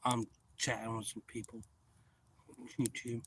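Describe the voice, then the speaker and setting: A man hosting a livestream outdoors, telling a story to his chat in a loose, profane, animated way. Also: mid-range voice, measured pace, a little hiss or hum. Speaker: livestream host. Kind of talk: casual storytelling to live chat.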